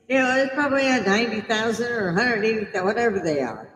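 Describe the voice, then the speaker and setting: A woman's voice: on the high side, fairly quick, fairly bright tone. An older woman in her seventies, chatting casually and laughing often as she tells stories on a live stream. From United States. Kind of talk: casual storytelling. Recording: echoey room with long reverb.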